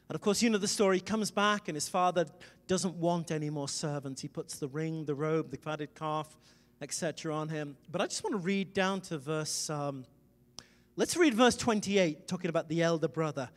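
High-voiced preacher in an echoing hall. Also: male voice, moderate pace. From Wales. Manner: emphatic, conversational preaching with sudden loud swells. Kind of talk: sermon. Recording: long reverb in a large hall.

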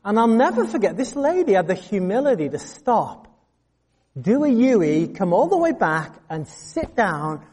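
Animated preacher in a reverberant hall. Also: male voice, sits high, a little slow, a little hiss or hum. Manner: animated storytelling, acting out voices. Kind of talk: sermon.

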